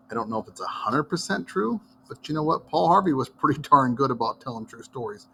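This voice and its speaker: A middle-aged man from Iowa teaches history in a relaxed, conversational way. He drifts into folksy stories and asides as he goes. His voice sits at an ordinary middle pitch. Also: a little fast, a little hiss or hum. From Iowa, United States. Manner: folksy, digressive storyteller. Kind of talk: casual classroom lecture.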